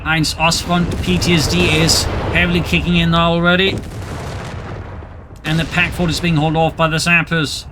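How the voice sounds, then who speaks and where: Brief: male game caster, high voice, brisk wry play-by-play, loud gunfire under him. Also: little pitch movement, background noise. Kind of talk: play-by-play commentary. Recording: commentary over loud game battle sound. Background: gunfire and artillery.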